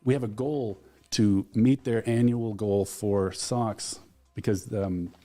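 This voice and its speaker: A man's voice: lowish voice, fairly even intonation, slow, dark tone, faint music behind. A man being interviewed as an alumni relations director, earnestly retelling events with quoted dialogue. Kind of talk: radio interview guest.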